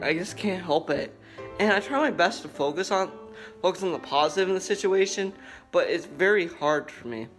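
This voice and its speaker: A young man speaks to his viewers in an earnest, halting way, often stopping and starting over. His voice is bright and a little high. Faint guitar music plays underneath. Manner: earnest, halting, with many restarts. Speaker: vlogger. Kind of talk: personal talk to camera.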